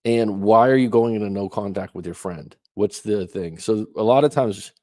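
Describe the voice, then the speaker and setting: A man's voice: fairly low pitch, moderate pace, darkish tone, no room sound, clean studio sound. A man giving relationship advice as a coach, talking emphatically with lots of rhetorical questions. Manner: emphatic, rhetorical questions, acts out quoted lines. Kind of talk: advice talk reacting to questions.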